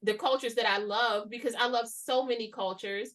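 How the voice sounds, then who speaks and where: A woman hosting a casual conversation, animated and chatty, laughing easily. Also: fairly high pitch, normal speed, far from the mic. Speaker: host.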